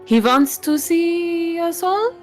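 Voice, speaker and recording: A woman's voice: very high-pitched, lively intonation, slow, soft background music, voice pushed up, heavily acted. A woman voicing a formal young male alien rogue with an exotic put-on accent in a tabletop game. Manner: stiff, formal phrasing.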